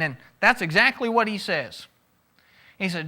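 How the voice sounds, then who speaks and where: This male pastor preaches at a measured pace, leaving long pauses, his high voice pushed and bright with lively intonation. His style is conversational: he asks listeners questions and acts out quotes.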